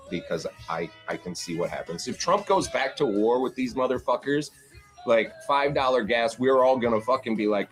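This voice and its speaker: A man's voice: mid-range voice, lively intonation, normal speed, soft background music. A man hosting a livestream panel, ranting in a sarcastic, profane way and mocking others with quoted voices. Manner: sarcastic, swears constantly, mocks with put-on quotes. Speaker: panel host. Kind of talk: profane political rant on a livestream.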